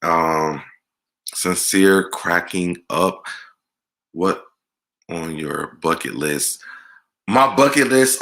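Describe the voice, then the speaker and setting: A man with a very deep voice and a strikingly bright, sharp edge to his tone. He hosts a casual Q&A vlog and answers viewer questions in a candid, chatty way. His delivery stays loose and conversational throughout.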